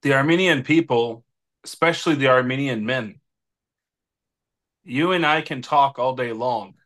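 A man's voice: medium pitch, unhurried, fairly bright tone. A man speaking as an interview guest, making an impassioned, preacher-like plea with repeated appeals to God. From United States. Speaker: guest, political adviser.

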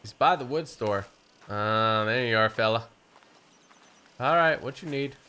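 A man's voice: medium pitch, measured pace, clear, resonant tone. A man giving casual gameplay commentary, chatting and thinking aloud as he plays. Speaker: gaming YouTuber. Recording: game music playing loudly underneath. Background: game music and horse sounds.

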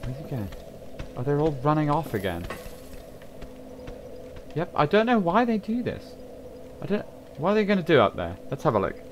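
Lively man narrating gameplay. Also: on the high side, normal speed, pauses often, noisy background. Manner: chatty, exclaiming and swearing at enemies. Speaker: gaming channel host. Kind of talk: casual let's-play commentary.

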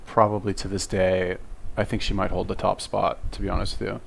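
A man's voice: deep voice, flat delivery, brisk, vocal fry, a little hiss or hum. A man giving casual reaction commentary on a video, blunt, profane and exasperated, lecturing his viewers.

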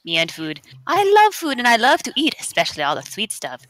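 A woman's voice: a little high, big pitch swings, quick pace, fairly bright tone, low-quality recording. A woman voicing a German housewife in her mid-twenties who loves cooking, in a put-on German accent and a comic, earnest reading. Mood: chirpy. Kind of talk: comic reading of a recipe blog.

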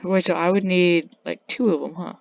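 A woman's voice: fairly low pitch, steady tone, normal speed, creaky, no echo, lo-fi sound. A woman giving casual gameplay commentary, playfully trash-talking the characters in her game. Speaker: gaming channel host. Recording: loud background noise.

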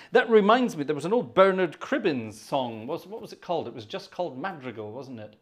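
A man's voice: fairly high pitch, very animated, quick pace, hardly any pauses. A man hosting a live organ stream, chatting casually and muttering asides to himself between pieces.

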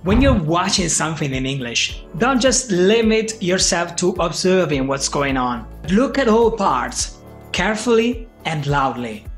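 A man's voice: high-pitched, big pitch swings, unhurried, faint music behind. A man in his thirties with an Italian accent, giving an upbeat, scripted English lesson straight to the viewer. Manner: upbeat, direct, encouraging. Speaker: English teacher.

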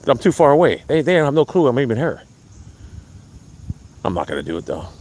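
A man livestreaming outdoors on his phone, rambling excitably to his viewers and swearing freely. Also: medium pitch, a little fast, slight background noise. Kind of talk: outdoor live stream chat. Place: outdoors by a hill.

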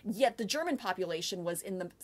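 A woman's voice: medium pitch, animated, fast talker. An American woman co-hosting a podcast, talking earnestly in casual conversation and often asking "right?". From United States. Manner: earnest, talkative, explains with many "like" and "right?". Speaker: podcast co-host.

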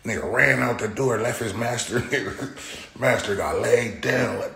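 A man's voice: mid-range voice, moderate pace, gravelly, crowd noise. A man streaming live, telling stories casually in heavy slang with lots of swearing and laughter. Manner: profane, slangy, laughing storyteller. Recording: roomy echo with faint noise.

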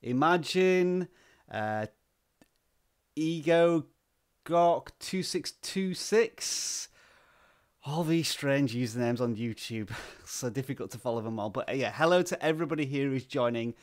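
A man hosting a live stream, greeting viewers by name and talking at a slow, relaxed, deliberate pace with plenty of "uh" fillers, into a desk microphone. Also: medium pitch. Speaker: livestream host. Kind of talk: live-stream chat, reading out viewer names.

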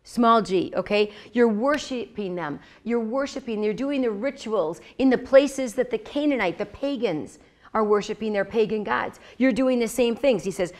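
A woman's voice: a little high, moderate pace. A woman teaching a Bible lesson in a conversational way. She often repeats her phrases and checks in with her listeners, and she acts out the words she quotes. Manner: animated, acts out God's words.

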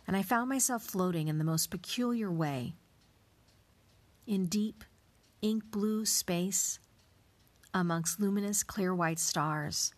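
A woman hosting a podcast, telling a personal story in a reflective, scripted way that sometimes drops to a soft whisper. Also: lowish voice, a little slow. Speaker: podcast host.

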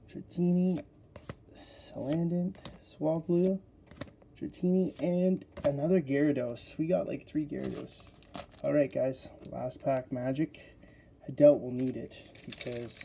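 A man with a deep-toned, very mellow voice chats his way through a casual unboxing, getting excited and addressing the viewers directly. There is a faint hiss behind him. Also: creaky. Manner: excitable, chatty, talks straight to viewers. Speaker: card-opening video host.

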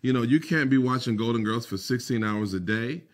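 A man preaches a sermon in a mid-range voice. He slows down to stress emphatic phrases and repeats key lines, then drops into quick, muttered asides.

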